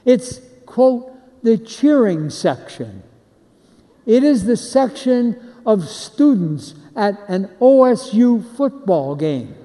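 A man's voice: high-pitched, very animated, takes it slowly, mellow. A man preaching a sermon, leading the crowd in call-and-response chants. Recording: long hall reverb.

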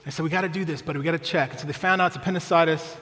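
A man's voice: fairly high pitch, fairly even intonation, very fast, fairly bright tone, long reverb tail. A male pastor preaching a sermon, telling a family story with humor and often asking the congregation "right?".

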